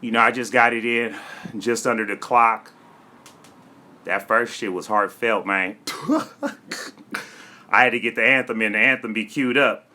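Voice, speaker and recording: A man's voice: lowish voice, steady tone, a little slow, long pauses, sharp tone. A man from Florida, a comedian and rapper, freestyling and then telling a story in a brash, profane, streetwise way. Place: home studio.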